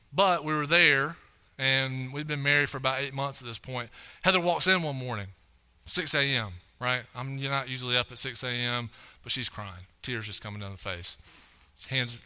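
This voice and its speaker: Young male preacher, casual storyteller, tags lines with "right?", piercingly bright tone. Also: mid-range voice, clean tone. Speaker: preacher at a church. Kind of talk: sermon with a personal story. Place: church auditorium stage.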